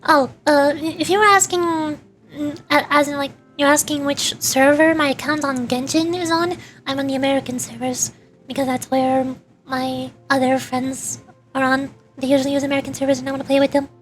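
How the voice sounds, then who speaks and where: A woman's voice: high voice, little pitch movement, normal speed, faint music behind. A woman streamer chatting casually with her viewers, talkative and often stumbling over repeated words. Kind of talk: casual live-stream chat.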